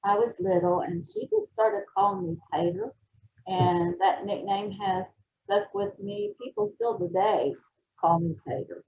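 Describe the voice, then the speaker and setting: A woman's voice: mid-range voice, huge pitch swings, unhurried, gravelly. A woman with an Oklahoma accent answering interview questions with short replies and frequent giggles. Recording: dull lo-fi sound.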